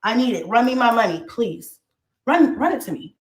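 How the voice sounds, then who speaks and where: Brash woman livestreamer, high lively voice, profane taunting rant, echoey room. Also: normal speed.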